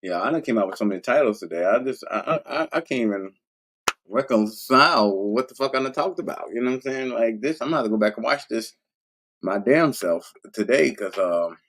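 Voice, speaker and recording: Gravelly-voiced man rambling on a livestream. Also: mid-range voice, lively intonation, fairly quick, fairly bright tone. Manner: loose, rambling, profane. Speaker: livestream host. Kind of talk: casual monologue to viewers.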